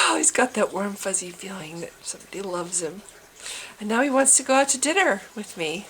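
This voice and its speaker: Animated sarcastic woman ranting casually. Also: mid-range voice, moderate pace. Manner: animated, acts out scenes, wry and sarcastic. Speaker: vlogger. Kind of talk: casual rant to camera.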